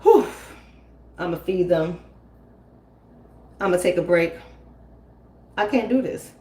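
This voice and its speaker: A woman's voice: on the low side, expressive, slow pace, mellow. A woman in her forties, a host talking at home in a casual stream, emphatic and preachy, repeating her phrases. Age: 40s. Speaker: commentary host. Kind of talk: casual live-stream talk. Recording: roomy, from a distance.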